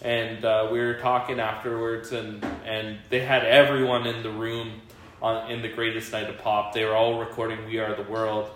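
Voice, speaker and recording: A man's voice: on the low side, flat delivery, normal speed, fairly bright tone. Rambling man in an echoey room. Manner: rambling, laughs often, many fillers. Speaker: podcast host. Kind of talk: casual chat. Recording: very echoey room, faint hiss.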